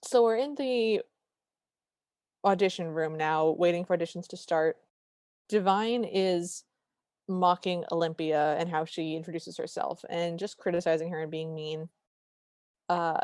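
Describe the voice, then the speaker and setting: A woman's voice: on the low side, a little mellow, no echo, clean studio sound. A woman co-hosting a podcast, casually narrating a film plot in an easygoing way. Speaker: podcast co-host. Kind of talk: casual chat recapping a film.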